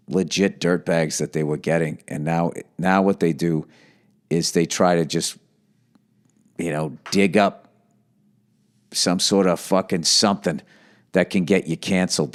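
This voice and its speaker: A middle-aged man hosting a podcast, ranting with profanity and sarcasm as he reads and answers listener mail. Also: deep voice. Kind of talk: casual podcast monologue.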